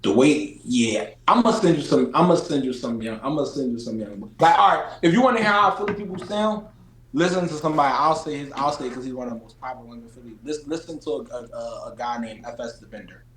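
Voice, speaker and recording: A man from Philadelphia with a Philadelphia accent, an interview guest in casual chat, animated and slangy, repeating phrases for emphasis. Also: medium pitch, fast talker, reverberant, crowd noise, rough recording. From Philadelphia, USA.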